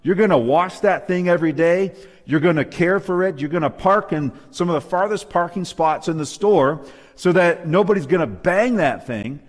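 A man's voice: high voice, normal speed, big-room sound. A man preaching a sermon, emphatic and asking his listeners questions. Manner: emphatic, asks the audience questions. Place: church hall, live audience.

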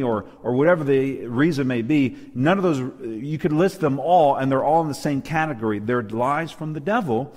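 A man's voice: medium pitch, moderate pace, hardly any pauses, a little mellow, in a large hall. A man preaching a sermon to a church audience, emphatic and calling out for amens. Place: church hall with a live and online audience.

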